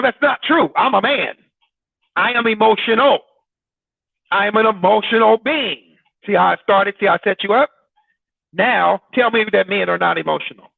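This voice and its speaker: A man's voice: high-pitched, gravelly, no echo. A man hosting an informal broadcast talk, conversational and full of rhetorical questions to his listeners. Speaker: broadcast host. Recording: dry, tinny phone-like sound.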